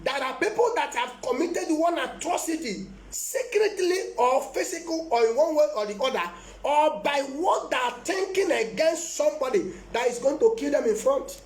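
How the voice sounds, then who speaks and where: A man's voice: very high-pitched, expressive, normal speed, echoey room. A man preaching as a prophet in a live-streamed sermon, emphatic and repetitive, often breaking into laughter.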